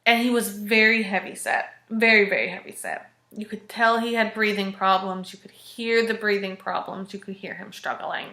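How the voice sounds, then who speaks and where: A woman in her thirties telling a personal story in a frank, expressive, casual way. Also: mid-range voice, normal speed, few pauses. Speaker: vlogger. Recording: echoey room.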